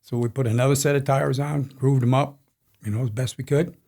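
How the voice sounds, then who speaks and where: A man's voice: medium pitch, steady tone, a little fast, gravelly, warm tone. Man in his sixties, racing crew chief, casual rambling storyteller, chuckles often. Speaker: NASCAR crew chief guest.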